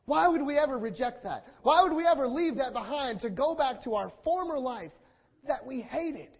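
A man's voice: very high voice, lively intonation, moderate pace, slightly rough. A man preaching a sermon with passion, repeating phrases in rhetorical build-ups and acting out the quotes. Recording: dull lo-fi sound.

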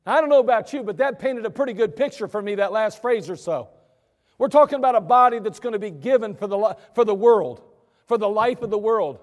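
High-pitched pastor guy preaching, chatty and animated, long echo of the church hall. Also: a little fast. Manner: conversational, animated storytelling. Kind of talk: sermon. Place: church sanctuary.

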